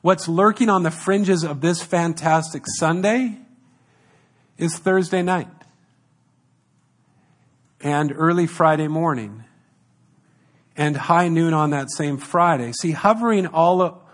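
A man's voice: on the high side, slow pace, long pauses. A man preaching a sermon to his congregation, emphatic and fond of repeating key phrases, briefly acting out the lines of the people in his story. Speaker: pastor.

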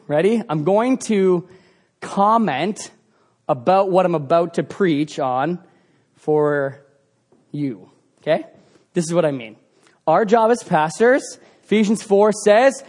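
A young adult man, a pastor, preaching a sermon in a casual, animated way and acting out quoted voices. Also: high voice.

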